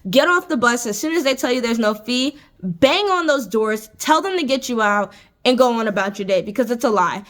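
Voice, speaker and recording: A young American woman in her twenties tells a story straight to her camera from an indoor room. Her voice sits fairly high, and she talks in a chatty, exasperated way, packed with "like" and "I was just like". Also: lively intonation, a little fast, a bit bright. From United States. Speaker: vlogger. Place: indoor room with adjustable lighting.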